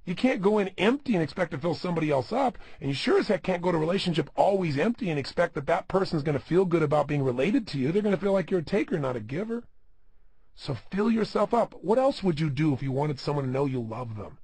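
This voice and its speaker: A man's voice: fairly high pitch, expressive, quick pace, a little mellow, breathy edge, dry recording. A middle-aged man giving an emphatic self-help audio talk as a motivational speaker, firing rhetorical questions at the listener.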